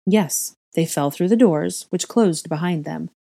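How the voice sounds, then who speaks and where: A woman's voice: fairly low pitch, measured pace, vocal fry, warm tone, dry recording, studio quality. A woman reading the lines of a proud, stern old male wizard founder in a clipped, formal way.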